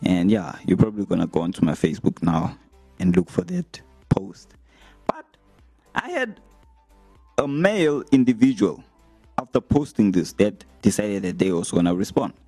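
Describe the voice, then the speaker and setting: A young man talking casually to his viewers as a vlogger, retelling comments with animated, laughing delivery. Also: on the low side, moderate pace, creaky, husky, no room sound, soft background music. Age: young adult. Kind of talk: casual storytelling to camera.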